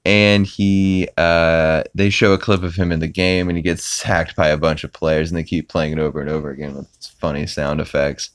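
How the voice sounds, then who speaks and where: A man with a very low voice hosts a podcast and rambles through an episode recap. He stacks up fillers and chuckles as he goes. The sound is dry and close, with no room around it. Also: little pitch movement, moderate pace, hardly any pauses, dry recording. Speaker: podcast host.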